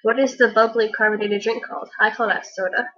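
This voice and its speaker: A young woman reading a list of words and questions for a home video, hesitant, with frequent pauses and fillers. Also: a little high, flat delivery, bright, forceful tone. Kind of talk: reading a word list on camera. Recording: dull lo-fi home recording.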